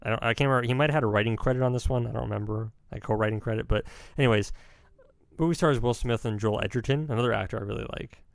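A man's voice: mid-range voice, racing, creaky, clear, resonant tone, no echo, studio quality. A young man chatting casually as a podcast co-host, rambling and opinionated, often correcting himself mid-sentence. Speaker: podcast co-host reviewing films. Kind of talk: casual chat.

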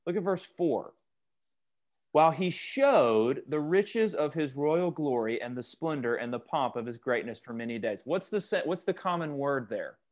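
A man's voice: on the high side, animated, normal speed. A man leading a youth Bible study over a video call, questioning the group and joking as he teaches.

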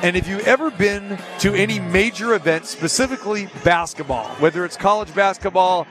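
A man hosting a live radio show from an arena, telling a story in a casual, animated way and acting out the people in it. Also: sits high, a little fast. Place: arena during a live broadcast. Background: music and an arena crowd.

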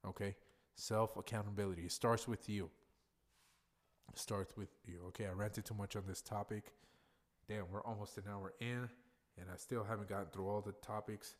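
A man's voice: on the low side, fairly even intonation, normal speed. A tipsy man hosting a podcast in a blunt, profane, ranting monologue. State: tipsy from drinking. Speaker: podcast host.

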